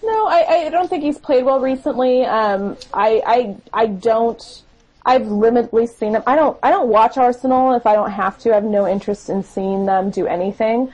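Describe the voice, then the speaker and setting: This is a woman co-hosting a casual sports podcast. Her voice sits a little high and has a husky, airy edge. She rambles a bit, restarting sentences and filling gaps with ums. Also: moderate pace, a little mellow, highs cut off. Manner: hesitant, lots of fillers, teasing. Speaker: podcast co-host. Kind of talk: casual football chat.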